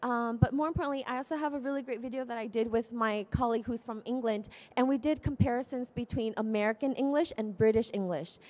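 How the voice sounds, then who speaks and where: A woman's voice: a little high, fast talker, few pauses, a little mellow. A woman teacher with a Southern Californian accent, chattily walking through her teaching videos with lots of "um"s. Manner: chatty, filler-heavy, upbeat. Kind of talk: conference demo talk.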